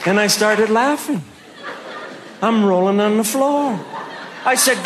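A man's voice: extremely high pitch, unhurried, crowd noise, noisy background. A male stand-up comedian telling a story, acting out scenes in a mock-stern parent voice.

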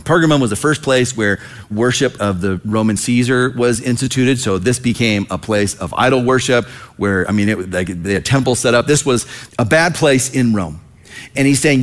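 A man's voice: mid-range voice, normal speed. Guy preaching a sermon, lots of ups and downs in his voice, acts out little bits. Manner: animated, acts out quoted voices. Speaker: pastor.

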